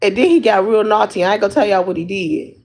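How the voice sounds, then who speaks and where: A woman's voice: mid-range voice, fast talker, darkish tone, low-quality recording. A woman chatting casually to her livestream viewers, rambling along and laughing often, talking into a phone. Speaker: livestream host.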